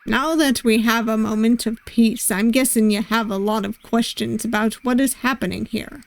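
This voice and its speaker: A woman voicing a charming, flirty male pirate sailing master in a visual novel, with a gentle, reassuring manner and a loose attempt at a pirate accent. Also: a little high, steady tone, normal speed, gravelly, no echo.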